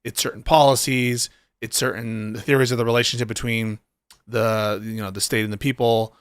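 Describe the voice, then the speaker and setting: A man's voice: mid-range voice, flat delivery, moderate pace, smooth, no room sound, studio quality. A man hosting a livestream debate, hesitant and questioning, with occasional casual swearing. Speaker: streamer host.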